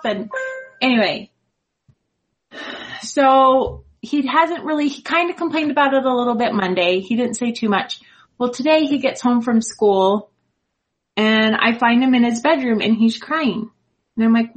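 A woman's voice: on the high side, a little slow, low-quality recording. A woman in her thirties, a mother chatting casually and telling a story, acting out the lines of her son. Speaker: mom and co-host.

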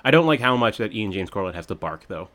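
A podcast co-host with a lowish, slightly bright voice talks fast, his pitch swinging widely. He reviews a movie casually and wryly, critical and prone to wandering tangents.

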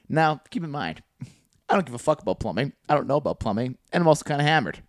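A man's voice: medium pitch, big pitch swings, fast, no echo. Profane rambling guy with a dry close mic. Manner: rambling, profane, laughs at own jokes. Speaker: podcast co-host. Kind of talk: casual chat, storytelling.

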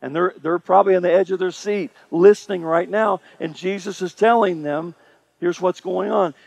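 Male preacher with a high voice, punchy and repetitive, talking right at the congregation. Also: fairly even intonation, moderate pace, creaky, a little mellow, no echo. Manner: emphatic preaching, repeats phrases, addresses congregation directly. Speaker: pastor. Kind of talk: sermon.

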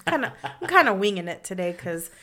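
A young woman co-hosting a casual podcast, stuffy from a cold and chatting loudly with frequent laughter. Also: mid-range voice, very animated, a little fast. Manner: loud and spunky, laughs often. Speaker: podcast co-host. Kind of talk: casual chat.

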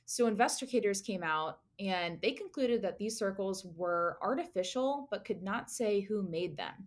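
A woman's voice: mid-range voice, lively intonation, moderate pace. Chatty young woman hosting a podcast. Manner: chatty, giggly, lots of fillers and asides. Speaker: podcast co-host presenting the topic. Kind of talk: casual podcast chat.

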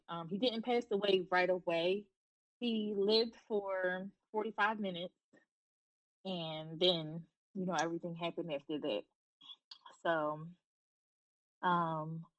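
A woman's voice: on the low side, poor audio. A woman in her thirties, a podcast guest, telling her own story frankly and bluntly with casual swearing. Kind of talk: candid personal storytelling.

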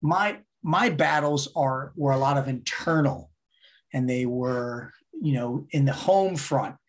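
A middle-aged man from the United States, a podcast guest, telling his story in a blunt, profane, animated way. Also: mid-range voice, slow pace. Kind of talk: casual storytelling interview.

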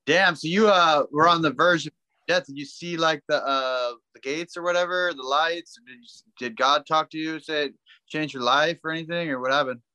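A man with a bright, forceful voice co-hosts a crude podcast. He mostly throws in quick reactions and blunt questions. His voice sounds dry and close. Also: on the high side, clean tone, no room sound. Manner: short reactions, eggs on the other host. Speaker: podcast co-host. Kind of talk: crude casual chat.

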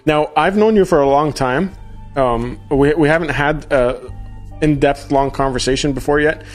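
A man's voice: a little high, normal speed, faint music behind. A man hosting a casual podcast interview, often hesitant, laughing and restarting his phrases. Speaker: podcast host.

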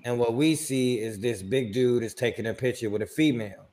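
Casting note: man, mid-pitched, lively co-host storyteller who leaps up in pitch on quoted lines. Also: brisk. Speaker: podcast co-host. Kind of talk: casual chat, storytelling.

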